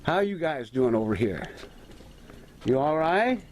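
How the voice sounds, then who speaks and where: Chatty man with a lively voice. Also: on the high side, a little slow, a little hiss or hum. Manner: chatty, addresses viewers as folks, talks softly to his cat. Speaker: home video host. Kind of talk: casual home video chat. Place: at home, partly in sunlight. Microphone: camera held by his wife.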